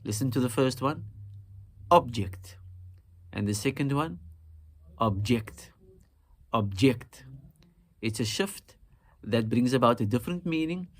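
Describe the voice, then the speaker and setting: Measured man teaching Quran recitation. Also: mid-range voice. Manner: measured, deliberate, repeats example words slowly. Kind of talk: calm instructional explanation.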